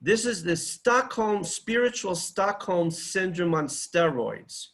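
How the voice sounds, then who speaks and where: A man's voice: high voice, expressive, slow pace, fairly bright tone, rough recording. Fiery man giving a seminar talk. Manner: fiery, declamatory, rhetorical. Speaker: seminar speaker.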